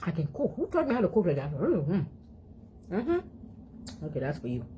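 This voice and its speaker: Chatty woman vlogger, very low voice, phone mic at home, faint background noise. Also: huge pitch swings, normal speed, mellow. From Africa. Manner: chatty, talks to her dog between mouthfuls, frequent chewing hums. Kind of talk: casual eating vlog chat.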